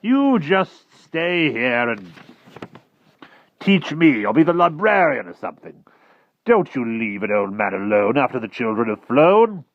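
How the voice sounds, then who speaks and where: A man's voice: medium pitch, very animated, a little slow, dry recording, lo-fi sound, pitched above the performer's own voice. Sir Ector, a man doing a bluff old knight. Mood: pleading. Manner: loud, exclaiming, shouty. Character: blustering old country knight, bluff and hearty.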